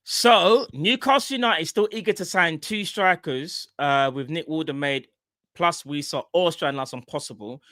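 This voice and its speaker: A man's voice: on the high side, normal speed, dry recording, clean studio sound. A man co-hosting a casual football live stream, bantering with slang. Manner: animated banter, London slang.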